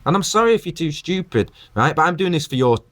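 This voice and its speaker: A man's voice: a little high, expressive, fast, fairly bright tone. A man delivering an impassioned video rant, preaching at his viewers and firing rhetorical questions at them. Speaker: vlogger.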